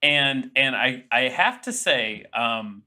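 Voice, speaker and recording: A man co-hosting a casual comedy podcast, playful and teasing, talking in halting starts. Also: mid-range voice, animated, bright, forceful tone. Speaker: podcast co-host.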